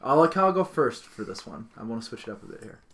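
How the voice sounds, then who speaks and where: A man's voice: medium pitch, sing-song, fast talker, fairly bright tone. A man hosting a casual debate, announcing rounds and teasing the panel while laughing. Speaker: host, moderator.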